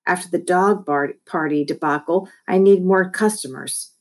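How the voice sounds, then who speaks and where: A woman's voice: lowish voice, normal speed. A woman voicing a bossy young boy who runs a small business, talking in a bratty, emphatic way.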